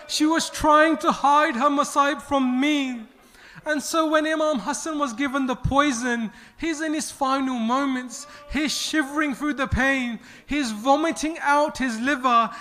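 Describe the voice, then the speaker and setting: A man delivering an impassioned mourning sermon, slow and dramatic, rising to cries. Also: very high-pitched, sharp tone, big-room sound. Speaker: mourning speaker.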